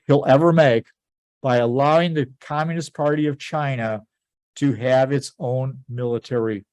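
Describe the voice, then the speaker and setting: A man teaching a history class, telling events as a lively story and quoting people in a casual voice. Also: mid-range voice, no echo. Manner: animated storytelling, quoting figures in plain conversational voice. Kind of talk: informal history lecture.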